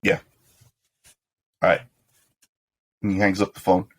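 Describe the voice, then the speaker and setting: Laid-back game master, lowish voice. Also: male voice, monotone, normal speed. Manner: casual narration with slangy character lines. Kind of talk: narrating a tabletop game.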